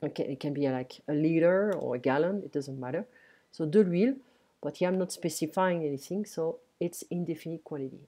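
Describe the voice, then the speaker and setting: A woman teaching to English speakers, repeating phrases slowly and patiently. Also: deep voice, warm tone, slightly rough. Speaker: French teacher. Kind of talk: live online language lesson.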